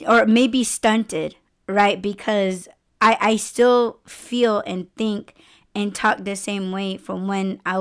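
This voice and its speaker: A woman's voice: mid-range voice, smooth. A woman in her forties hosting a podcast, chatting candidly, laughing often and swearing freely. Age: 40s. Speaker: podcast host. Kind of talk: casual chat.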